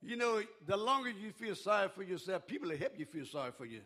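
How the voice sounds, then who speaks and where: An older male preacher with a high, gravelly voice that leaps all over its range. He drops to a near hush and then climbs into ringing shouts, with a husky edge throughout. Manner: call-and-response preaching, swings from hushed to shouting. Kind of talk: sermon.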